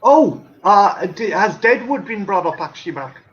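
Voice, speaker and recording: A man's voice: high-pitched, animated, moderate pace, fairly bright tone, muffled recording. A man on a casual podcast chat, telling stories in an enthusiastic way and swearing freely.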